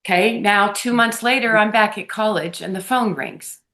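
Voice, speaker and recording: A woman being interviewed as a podcast guest, telling personal stories in an earnest, heartfelt way that often drops into a hushed tone. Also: medium pitch, normal speed. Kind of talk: conversational storytelling.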